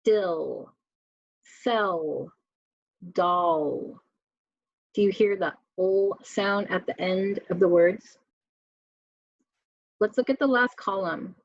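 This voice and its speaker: Slow, clear-speaking woman teacher. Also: medium pitch, no room sound, muffled recording. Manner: slow, clear word-by-word reading with questions to students. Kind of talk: spelling lesson for children.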